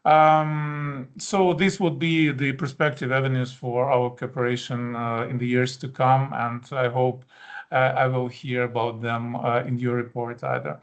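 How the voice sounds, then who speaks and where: A male ambassador giving a formal talk in an even, monotone voice. He speaks with measured frankness and stops often to hesitate and restart his sentences. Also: medium pitch. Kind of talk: formal speech at a policy event.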